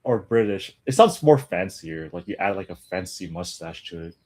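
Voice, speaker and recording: A man's voice: low-pitched, animated, normal speed. A man streaming his language study, chatting casually, rambling, with muttered asides and chuckles. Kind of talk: casual live-stream chat.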